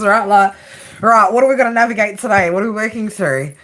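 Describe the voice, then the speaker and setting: A woman's voice: mid-range voice, a little fast, a bit bright. A woman with an Australian accent giving a casual, chatty live tarot reading, laughing often and swearing freely. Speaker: tarot reader.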